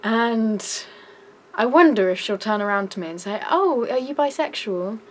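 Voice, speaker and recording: A young woman with a British accent ranting in a vlog, shouty and exasperated. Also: on the high side, expressive, moderate pace, low-quality recording. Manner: shouty, exasperated, breaks into laughs. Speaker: vlogger.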